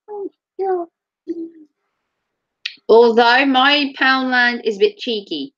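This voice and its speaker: A woman's voice: high-pitched, lively intonation, drawn-out words, pauses often, fairly bright tone. Give me a teasing, giggly woman vlogging on a dull lo-fi recording. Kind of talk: casual chat to camera.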